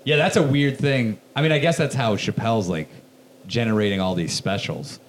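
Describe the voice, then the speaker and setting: Animated, swearing man telling old stories. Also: fairly low pitch, normal speed, slight background noise. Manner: animated, profane storyteller, gets loud in retellings. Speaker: podcast guest, comedian. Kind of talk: casual podcast chat.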